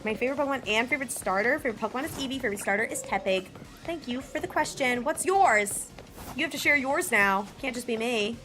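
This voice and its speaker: A woman's voice: a little high, animated, quick pace, bright, forceful tone, faint music behind. A woman streamer chatting casually with her live chat, blunt, swearing freely and laughing often.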